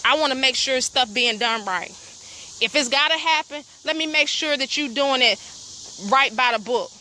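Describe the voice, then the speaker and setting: Walking outdoors on her rural land as crickets chirp, a woman vlogs into a phone for viewers. Indignant and out of breath, she asks pointed questions in a high-pitched, sharp voice at normal speed. A little hiss or hum is audible.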